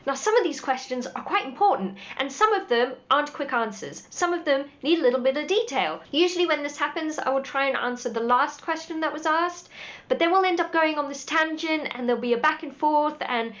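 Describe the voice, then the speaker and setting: Woman, high-pitched, direct and practical, dry humour, muffled lo-fi recording. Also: expressive, a little fast, a bit bright. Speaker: horse dealer. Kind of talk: scripted advice talk to camera. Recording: dull lo-fi audio.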